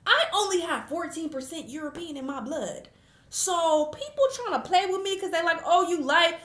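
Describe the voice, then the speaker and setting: A woman's voice: extremely high pitch, lively intonation, moderate pace, fairly bright tone, reverberant. A woman vlogger talking candidly and bluntly to the camera in her apartment. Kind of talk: casual talking-to-camera vlog. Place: apartment room. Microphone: camera in front of her.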